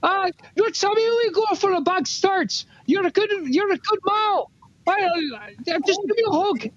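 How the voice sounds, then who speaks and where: Casting: high, lively tailed joker, put on by a player, pleading; dull, dry mic. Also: normal speed, dry recording. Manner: pleading, jokey. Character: wheedling joker creature with a tail.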